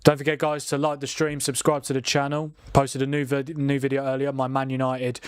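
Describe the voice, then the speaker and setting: A young man chatting casually on a live football watchalong stream, reacting to the chat, excitable and swearing mildly. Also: medium pitch, fairly quick, clean tone, no room sound. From England. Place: home room with windows, rain outside.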